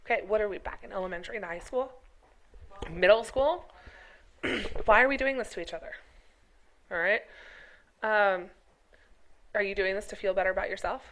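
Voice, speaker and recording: A woman's voice: medium pitch, normal speed, pauses often, a bit bright, rough recording. A middle-aged woman and health teacher ranting to camera in a vlog, scolding and emphatic, with frequent "okay?" and "right?" check-ins. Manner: emphatic, scolding, rhetorical questions.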